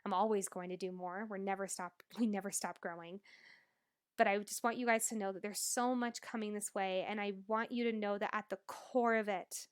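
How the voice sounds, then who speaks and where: A woman's voice: mid-range voice, steady tone, brisk, smooth. A young adult woman hosting a solo podcast as a life coach, talking in an earnest, emotional, motivational way.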